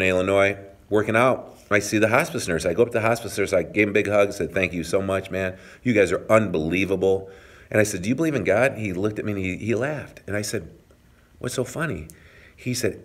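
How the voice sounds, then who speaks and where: A man in his fifties from the United States, a personal trainer telling an emotional personal story straight to his viewers in an earnest way. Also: low voice. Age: 50s.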